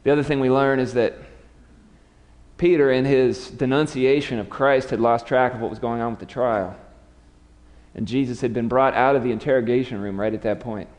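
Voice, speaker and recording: A pastor preaches in a large hall, his mid-range voice steady, a little mellow and moderately paced. He dramatizes the story and voices its characters' lines loudly.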